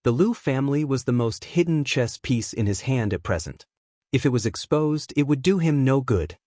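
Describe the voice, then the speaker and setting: Guy reading a fantasy audiobook, steady and even, mid voice, super dry sound. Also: mid-range voice, moderate pace, no room sound. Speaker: audiobook narrator. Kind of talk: scripted audiobook narration. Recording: dry close-miked studio sound.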